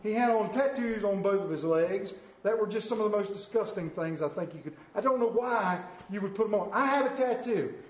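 A middle-aged man preaching in a church, his voice high and ringing in a roomy sanctuary. He tells folksy, self-deprecating stories with animated swings in his delivery. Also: a little fast, hardly any pauses. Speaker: pastor. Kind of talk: sermon with storytelling.

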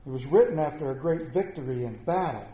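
A man preaching a sermon as pastor, folksy and animated, joking with the congregation. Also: on the high side, fast. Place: church sanctuary. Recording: echoey church room.

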